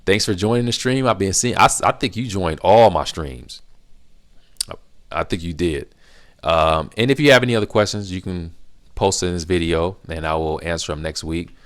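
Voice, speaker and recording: A middle-aged man with a low voice talks straight to his viewers, answering their questions. He leans on repetition, saying key phrases again and again for emphasis. The delivery is casual and earnest, like advice given to a friend. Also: normal speed. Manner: emphatic, repetitive, animated when acting out reactions. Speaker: language-learning channel host.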